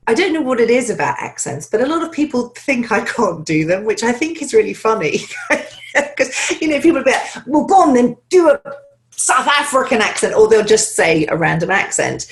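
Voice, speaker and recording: A woman accent coach answering listener questions in an interview, talking in a lively, chatty way with frequent laughs. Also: fairly high pitch, fairly quick, gravelly.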